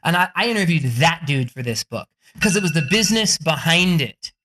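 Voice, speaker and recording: A man who is a podcast guest and author, telling profane, excitable stories and acting out quotes in a raised voice. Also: a little high, fairly quick. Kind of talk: animated storytelling in an interview.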